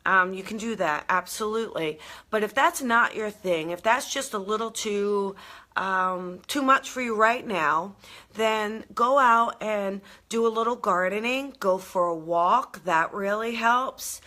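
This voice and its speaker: A woman hosting a live motivational talk, bubbly and animated, laughing often and answering viewer comments as she goes. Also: mid-range voice, measured pace. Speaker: intuitive coach and live show host. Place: live video stream.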